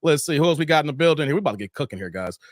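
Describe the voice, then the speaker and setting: Male stream host, higher voice, playful banter, dry close sound. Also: animated, rapid-fire, no room sound. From Chicago area. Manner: laid-back, playful, trash-talking banter. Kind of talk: casual live stream chat reading comments.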